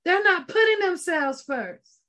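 A woman's voice: extremely high pitch, lively intonation, unhurried, pushed and bright. A woman preaching a sermon with fervent, emphatic delivery, repeating phrases and breaking into exclamations.

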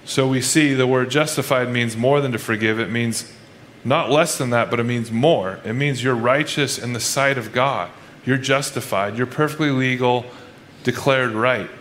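Fairly bright and mid-range, the male pastor's voice moves at a moderate pace over a slight hiss or hum. His sermon is casual and talky; he often begins sentences again and dramatizes people's inner monologues as quoted asides.

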